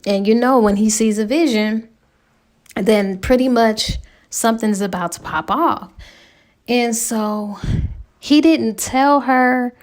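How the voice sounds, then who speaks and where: A woman's voice: a little high, takes it slowly. A woman giving a chatty, slangy spoken recap of a novel's plot as a book reviewer.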